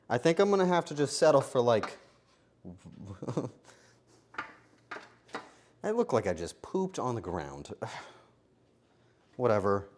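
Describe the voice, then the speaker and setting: A male streamer chatting through a baking session in his home kitchen, cracking self-deprecating jokes as he works. His voice is middle-pitched and very animated, darting from low mutters up to excited outbursts. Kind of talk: casual live-stream commentary while baking.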